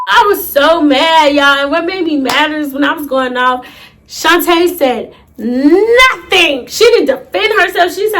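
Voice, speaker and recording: Young woman, high voice; casual, dramatic storyteller who talks straight to viewers. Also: unhurried. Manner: animated, profane, dramatic retelling with asides to viewers. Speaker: storytime YouTuber.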